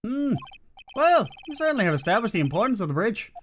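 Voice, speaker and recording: A player doing a high, fussy old judge. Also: big pitch swings, fast, slight background noise, lightly acted. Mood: stern. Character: fussy elderly male judge, easily flustered.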